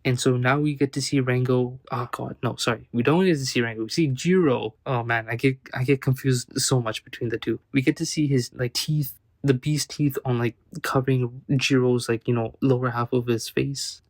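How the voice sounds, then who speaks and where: Male reviewer, laid-back slangy recap delivery, dry close sound, mid pitch. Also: steady tone, normal speed, few pauses, no echo. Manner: loose, slangy retelling full of "like" and "kinda"; often corrects himself mid-sentence. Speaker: manga reviewer. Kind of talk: casual chapter recap.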